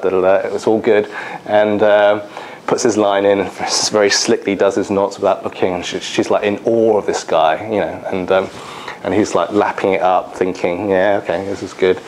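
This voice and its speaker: A man's voice: fairly low pitch, darkish tone, a little hiss or hum, rough recording. A man giving a lecture, telling workplace stories with many fillers and restarts. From England. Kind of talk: anecdotal lecture.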